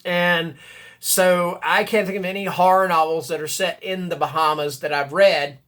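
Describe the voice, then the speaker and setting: A man's voice: high voice, steady tone, normal speed, fairly bright tone. A man chatting casually about books, rambling and correcting himself, with bursts of enthusiasm and blurbs read aloud. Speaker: booktuber. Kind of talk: casual book chat and reading blurbs aloud.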